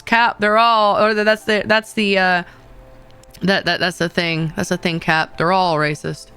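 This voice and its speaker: A woman's voice: medium pitch, little pitch movement, slow, pushed and bright, clear, resonant tone. Playful chatty woman streamer. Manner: playful, chatty, laughs often, trails off and repeats herself. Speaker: VTuber streamer. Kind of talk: casual live-stream chat with viewers.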